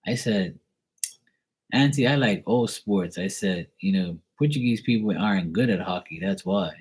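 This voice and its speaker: A man's voice: lowish voice, lively intonation, moderate pace, a little mellow, slightly rough. A man from Bermuda chatting casually on a live stream, rambling and joking as he tells stories. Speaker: live tarot reader chatting with viewers.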